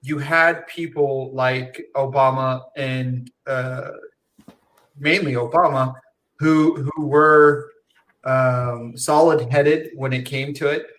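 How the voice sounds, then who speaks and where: A man's voice: mid-range voice, steady tone, takes it slowly, fairly bright tone, low-quality recording. A man co-hosting a podcast, talking casually with swearing and restarts. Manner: laid-back, swearing, restarts. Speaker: co-host. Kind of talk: casual chat.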